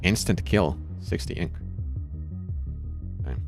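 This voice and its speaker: A man's voice: sits low, slow, gravelly, over music. A man streaming a narrative game, reading the story aloud and making casual asides in between.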